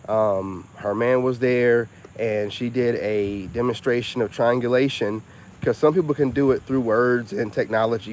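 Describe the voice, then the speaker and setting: A man's voice: medium pitch, a little mellow. Brief: man in his 40s, live-stream host, cocky and preachy, faint crickets and traffic behind him. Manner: self-assured, preachy, talks to viewers directly. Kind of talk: casual live-stream monologue.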